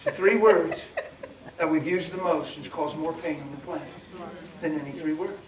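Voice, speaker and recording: A middle-aged pastor preaches emphatically and with humor, acting out little scenes for his congregation. His voice sits on the high side at a moderate pace, captured from far off in an echoey hall full of crowd noise.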